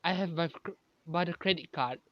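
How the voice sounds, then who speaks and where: A narrator doing a deadpan teenage boy. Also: medium pitch, moderate pace, no room sound, lo-fi sound, voice pushed down, lightly acted. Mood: calm.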